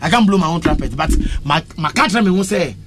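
Animated Ghanaian woman musician. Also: lowish voice, quick pace, a little hiss or hum. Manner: animated, breaks into chanting and song. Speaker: musician guest. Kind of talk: casual interview chat mixing English and Twi.

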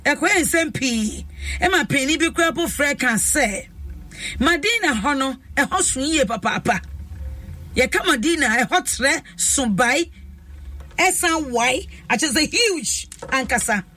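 A woman's voice: high-pitched, lively intonation, measured pace, bright, forceful tone, no echo, distant mic. A woman with a Ghanaian accent hosting a talk show, effusive and emphatic, stretching out her phrases. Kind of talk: lively talk show chat. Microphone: studio microphone.

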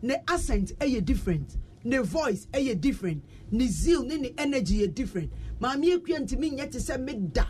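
Ghanaian radio host, lively studio banter, reads listener messages, repetitive, low background noise. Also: moderate pace. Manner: animated, repeats words many times.

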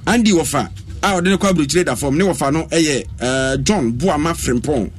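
A man's voice: fairly high pitch, moderate pace, slight background noise. Man radio host, upbeat. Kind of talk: casual radio chat with on-air birthday shout-outs.

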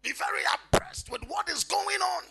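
A man preaching an impassioned sermon, swinging between quiet reading and shouting. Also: very high-pitched, normal speed, soft background music.

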